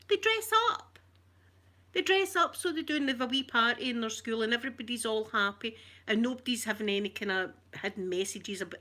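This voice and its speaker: A middle-aged Scottish woman chats with her live-stream viewers, bawdy, flirtatious and full of stories. Her voice is fairly high-pitched with a sharp tone.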